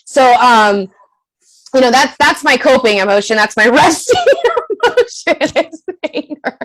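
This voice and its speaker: A woman guest on a podcast, talking candidly in an animated, profane, emphatic way and laughing often. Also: high-pitched, a little slow, slight background noise, rough recording.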